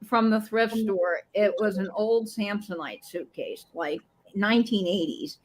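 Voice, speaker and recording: Chatty woman telling an animated story. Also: mid-range voice, measured pace, low-quality recording. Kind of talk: casual group chat.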